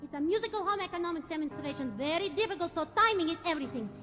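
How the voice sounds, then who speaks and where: Actress playing a brisk high-voiced pageant girl. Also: animated, bright, forceful tone, in a large hall, faint music behind, heavily acted. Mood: businesslike. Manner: brisk, businesslike instructions. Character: savvy businesslike teenage pageant girl. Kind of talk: musical theatre stage scene.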